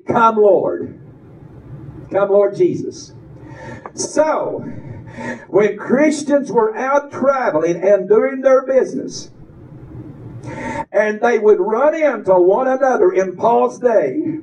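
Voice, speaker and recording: A man preaching a fervent revival sermon, shouting, laughing and close to tears with excitement. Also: high voice. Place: church sanctuary. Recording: echoey church, distant, dull, crowd.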